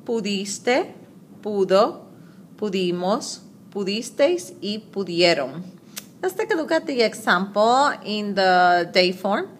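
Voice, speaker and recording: A woman teaching grammar, slowly reading out verb forms and translating examples. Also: mid-range voice, a little hiss or hum. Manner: slow, deliberate, repeating conjugations aloud. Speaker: Spanish teacher. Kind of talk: slide-based grammar lesson.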